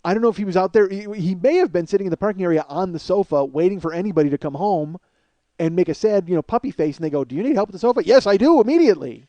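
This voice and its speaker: Male podcast host, higher voice, dry recording, profane comic storyteller. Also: very fast, no room sound, highs cut off. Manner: profane, animated storyteller addressing listeners as folks. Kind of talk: comedic storytelling monologue.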